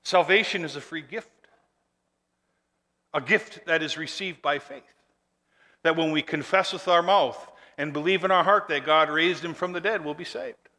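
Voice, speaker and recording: A male pastor preaching a sermon, emphatic and building to forceful declarations, leading the congregation in call and response. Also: on the high side, moderate pace, pauses often, long reverb tail.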